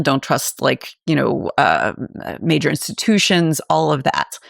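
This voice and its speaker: A woman's voice: sits low, very animated, slow pace, gravelly, dry recording, studio quality. A woman in her forties, a podcast co-host, talking through her opinions in a thoughtful, candid chat. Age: 40s. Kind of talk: casual discussion.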